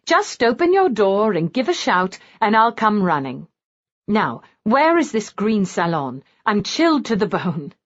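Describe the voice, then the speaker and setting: A woman's voice: medium pitch, very animated, a little slow, pitched above the performer's own voice. A woman voicing a sweetly cheerful, teasing young bride who speaks breathlessly, on a dull lo-fi recording.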